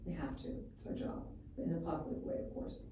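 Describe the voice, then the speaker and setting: A woman spa executive telling stories in an interview, quick and lively, acting out dialogue. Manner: fast, lively storyteller who acts out dialogue. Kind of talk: conversational interview, storytelling. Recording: echoey room, mic far off, faint noise.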